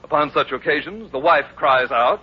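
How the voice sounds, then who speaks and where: A man's voice: on the high side, expressive, normal speed, husky. A man announcing and narrating a vintage radio show in a wry, theatrical way. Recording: dull old radio recording with faint music.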